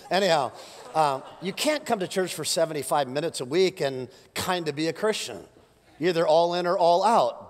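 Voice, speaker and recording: A man preaching a lively, joking sermon, his voice rough and wearing out after a long morning. He sits a little high for a man and swings from loud punchlines to hushed asides. The sound rings in a large church hall with a long reverb. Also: a little fast. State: losing his voice. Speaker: pastor. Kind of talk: energetic sermon. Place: church auditorium with live congregation.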